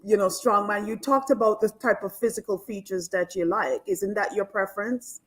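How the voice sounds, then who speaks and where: A woman's voice: medium pitch, steady tone, moderate pace, poor audio. A woman panelist pressing another speaker with pointed questions. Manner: probing, questioning. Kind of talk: casual panel discussion.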